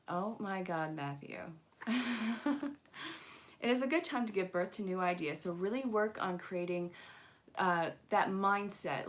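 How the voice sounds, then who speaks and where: A middle-aged woman reads angel cards on a live stream, her voice sitting a little low for a woman. She is chatty and loose, talks straight to viewers in the chat and laughs often between the messages. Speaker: angel card reader and host.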